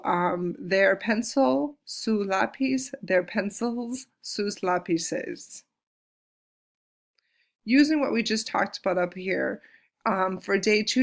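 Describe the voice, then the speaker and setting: A woman teaching a Spanish lesson, patiently slowing down to model each Spanish word. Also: mid-range voice. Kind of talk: recorded classroom lesson.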